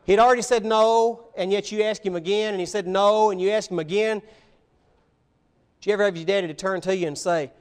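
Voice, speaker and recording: A man preaching a sermon, telling Bible stories with animated voices and speaking directly to the children. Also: sits high, a little fast, clean tone. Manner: animated storytelling, voicing biblical figures, addressing children. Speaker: pastor.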